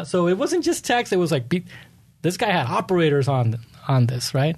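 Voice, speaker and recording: A male political candidate talks in a conversational interview. His voice sits a bit high for a man. He speaks earnestly and with animation, often restarting his sentences. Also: sing-song, normal speed.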